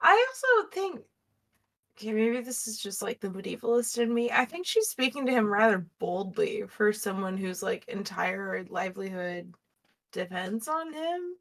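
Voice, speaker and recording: A woman's voice: mid-range voice, sing-song, moderate pace, a bit bright. A woman co-hosting a podcast, chatting casually about a TV episode, thinking aloud with hedges and the odd swear. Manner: hedging, thoughtful, swearing. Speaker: podcast co-host. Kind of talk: casual chat recapping a TV episode.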